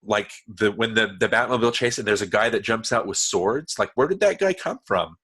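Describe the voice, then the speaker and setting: A man's voice: on the low side, lively intonation, brisk, a bit bright, slightly rough. A man hosting a podcast in a casual, chatty way, talking in loose, digressive sentences full of restarts. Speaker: podcast host.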